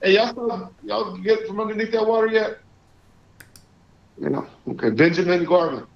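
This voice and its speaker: A man hosting a live call-in stream, chatting casually and reading out shout-outs to viewers. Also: sits high, a little slow, creaky. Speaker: livestream host. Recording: echoey, dull lo-fi stream audio.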